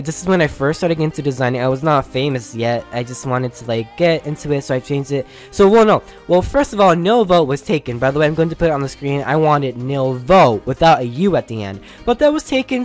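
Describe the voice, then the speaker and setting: Chatty, animated storytime vlogger. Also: medium pitch. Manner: chatty and animated, jumps between asides; acts out quoted reactions in different voices. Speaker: online game creator and designer. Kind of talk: casual storytime vlog.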